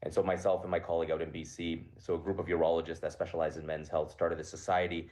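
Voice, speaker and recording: A middle-aged man, a physician, being interviewed by video call in a quick, earnest way with fillers and restarts. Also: sits low, level tone, a little mellow. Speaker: physician guest. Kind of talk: remote radio interview.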